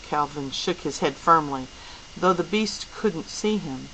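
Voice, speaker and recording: A woman reads a novel aloud in a clear, unhurried way. Her voice is low-pitched and very slow, with a faint hiss in the recording. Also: fairly bright tone, rough recording. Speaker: audiobook reader.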